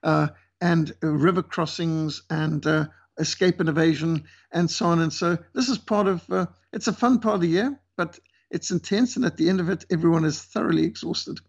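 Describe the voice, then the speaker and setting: A man's voice: a little high, normal speed, slightly rough. A male missionary leader as an interview guest, talking earnestly and emphatically with some fillers.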